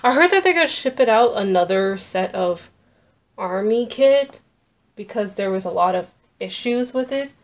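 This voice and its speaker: A woman vlogger narrating an unboxing, gushing with awed exclamations and soft asides. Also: mid-range voice, animated, normal speed.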